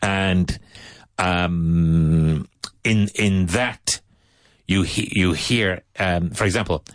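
Deep-voiced Irish man explaining. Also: fairly even intonation, dry recording. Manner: patient, explaining, pausing to search for words. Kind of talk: casual explanation.

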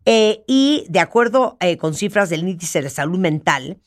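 A woman's voice: lowish voice, expressive, normal speed. A woman from Mexico hosting a talk show, chatting playfully with a guest and bursting into laughter. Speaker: host. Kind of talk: lively talk show chat.

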